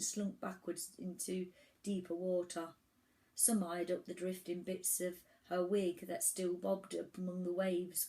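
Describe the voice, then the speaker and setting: A woman reading a children's storybook aloud, telling it in an animated way with the odd restart. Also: lowish voice, creaky, low-quality recording. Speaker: children's book reader.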